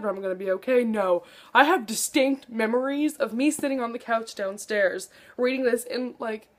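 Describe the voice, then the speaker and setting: A young woman book vlogger chatting casually to camera, gushing and dramatic, with lots of "like". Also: a little high.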